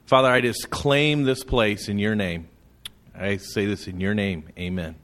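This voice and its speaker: A man's voice: lowish voice, steady tone, unhurried, fairly bright tone. A man praying aloud in church, earnestly calling on the Lord and the Father. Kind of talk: spoken prayer.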